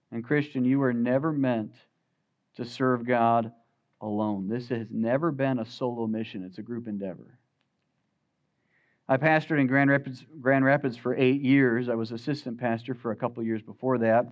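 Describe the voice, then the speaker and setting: A man preaching a sermon as pastor, swinging from loud emphatic peaks to quiet, low asides. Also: steady tone, moderate pace, muffled recording.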